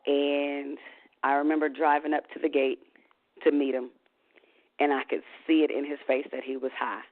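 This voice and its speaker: A woman recounts a painful family memory, candid and emotional. She peppers her speech with "you know" and the odd curse word. The sound is thin and tinny, like a phone line. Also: low-pitched. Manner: emotional, candid, swears casually, trails off in fillers. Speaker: interview guest. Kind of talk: candid personal storytelling.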